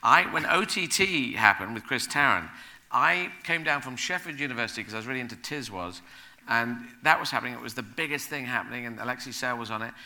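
A middle-aged man, a guest, telling animated anecdotes in a casual chat, rambling and correcting himself as he goes. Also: mid-range voice, fast.

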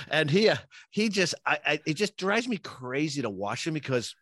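A man on a sports podcast, ranting in a lively voice that swoops up and down as he gets worked up. He stumbles and repeats himself as he talks. The sound is close and dry, with no room around it. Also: on the high side, unhurried, dry recording. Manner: animated ranting, repeats words. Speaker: podcast co-host. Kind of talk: casual sports chat.

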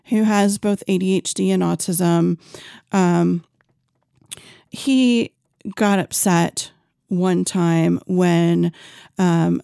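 Slow, gravelly-voiced woman giving parenting advice. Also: fairly low pitch, warm tone, dry recording, clean studio sound. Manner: earnest, unhurried, with frequent ums and restarts. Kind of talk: instructional parenting talk.

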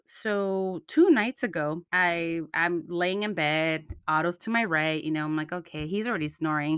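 A woman's voice: lowish voice, smooth, dry recording, clean studio sound. A woman co-hosting a casual chat podcast, telling stories animatedly, acting out quotes and switching between English and Spanish. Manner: animated storyteller, acts out quotes. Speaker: podcast co-host. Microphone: studio USB mic.

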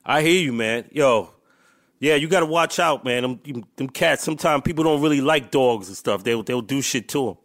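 A man's voice: medium pitch, normal speed, fairly bright tone. A man co-hosting a podcast, answering with short slangy reactions in casual chat. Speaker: podcast co-host.

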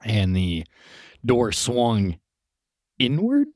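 A man's voice: mid-range voice, wildly swooping pitch, extremely slow, a little mellow, dry recording. A young man co-hosting a casual podcast, telling a story in a loose, rambling way with plenty of swearing. His voice moves up and down freely as he talks. The sound is close and dry. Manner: rambling, laughs a lot while telling stories, crude language. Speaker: podcast co-host.

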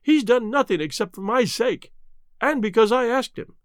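A man's voice: very high voice, expressive, moderate pace, no echo, studio quality, voice pushed up. A man reading aloud, voicing an anxious, distraught middle-aged housekeeper woman who pleads urgently.

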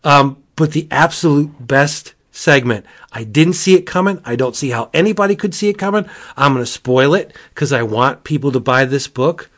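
Excitable man gushing about comics. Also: moderate pace, few pauses. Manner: gushing, excitable, jumps to high exclamations. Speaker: comic book reviewer. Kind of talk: casual podcast chat.

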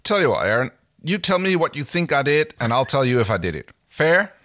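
A man's voice: on the high side, very animated, pushed and bright, no echo, clean studio sound, voice pushed up. A man voicing an exasperated young male astronaut who fires back sarcastic, incredulous replies. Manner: incredulous, defensive, quick comebacks.

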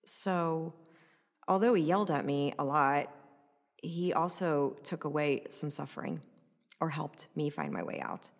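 A woman recounting a personal story in an animated, conversational way, often adding "like" and "right?". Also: deep voice, a little slow, big-room sound.

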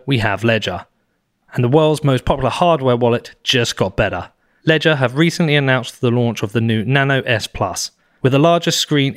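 British man reading ads and chatting. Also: medium pitch. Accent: British English. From Britain. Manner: relaxed, chatty, laughs often, restarts mid-sentence. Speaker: podcast host. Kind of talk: ad reads then casual chat.

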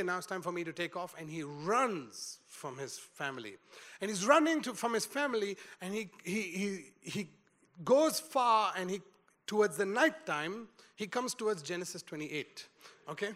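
Guy preaching a sermon, pretty high voice, storytelling and then getting loud. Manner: storytelling, acts out quotes, rising to loud emphasis.

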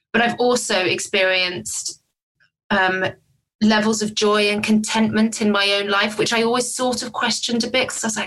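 A woman's voice: medium pitch, fairly bright tone, low-quality recording. A middle-aged woman talking frankly and openly as a guest in a casual conversation, rambling and self-deprecating. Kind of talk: candid conversation.

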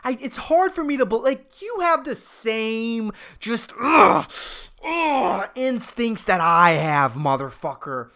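A man's voice: very high voice, big pitch swings, takes it slowly, bright, forceful tone. Profane rambling man hosting a podcast. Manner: profane, rambling, laughs at own jokes. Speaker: podcast host. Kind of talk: casual solo podcast rant.

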